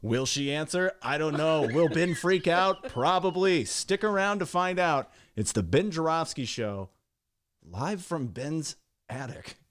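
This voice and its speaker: A man's voice: a little high, expressive, measured pace, a bit bright. A man co-hosting a podcast, who teases the host in playful, casual chat. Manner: teasing, playful.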